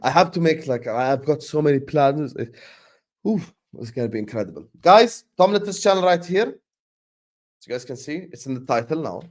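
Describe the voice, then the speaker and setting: A man's voice: medium pitch, brisk. Casual young-sounding male streamer host. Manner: excited, shouts out viewers by name. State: sleepy, yawning. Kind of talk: casual livestream chat.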